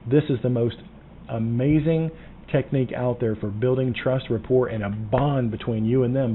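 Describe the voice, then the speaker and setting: A man from the Southern United States coaching insurance agents on phone sales, emphatic and sometimes dropping to a hushed tone. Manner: emphatic, drops to a low hush for key points. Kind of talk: casual teaching monologue. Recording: tinny phone-like sound with faint noise.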